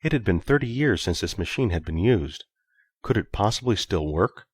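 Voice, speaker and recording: A man narrating an audiobook in a steady, even storytelling manner. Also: fairly low pitch, normal speed, slightly rough, no room sound, studio quality. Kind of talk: scripted narration.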